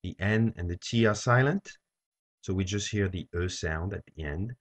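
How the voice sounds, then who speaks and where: A man teaching a French lesson, saying each phrase slowly and repeating it for learners to copy. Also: low-pitched. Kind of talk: slow language lesson. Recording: dull lo-fi recording.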